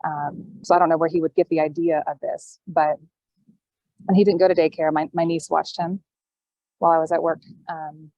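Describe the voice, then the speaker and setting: A woman guest telling a personal story in casual chat, with halting, thoughtful pauses, calling in from an airport gate over a video call. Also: low-pitched, flat delivery, dry recording. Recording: dull, dry call audio.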